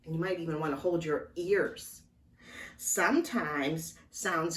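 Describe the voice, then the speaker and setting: A woman giving a slow, gentle lesson to young children as a librarian, talking straight to them. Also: low-pitched, far from the mic. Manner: slow, gentle, speaking directly to small children. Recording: echoey room, voice a bit off-mic. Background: clock ticking.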